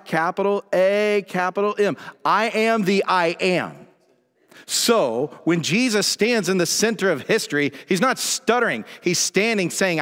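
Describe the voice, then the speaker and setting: A man preaching a sermon as pastor, telling Bible stories with animated emphasis. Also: sits high. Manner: animated storytelling, voices God and Moses in retellings. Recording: church hall with long reverb.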